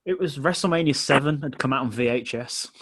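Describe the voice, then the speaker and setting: A man hosts a relaxed interview at a mid pitch. He talks in a chatty, self-mocking way and laughs easily. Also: moderate pace, a little hiss or hum. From England. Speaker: podcast host. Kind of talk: casual interview chat.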